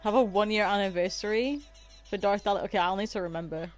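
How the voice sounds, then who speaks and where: A woman's voice: medium pitch, fast, soft background music. A woman streaming a game from her room, chatting and giggling with her viewers. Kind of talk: casual livestream chat while playing. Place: her own room at home.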